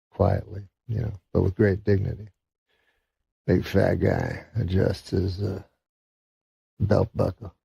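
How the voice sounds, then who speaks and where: A man telling a long, rambling joke in a slow deadpan with many fillers. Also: low voice, gravelly, breathy edge, dry recording. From Canada. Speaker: comedian guest. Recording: dull lo-fi recording.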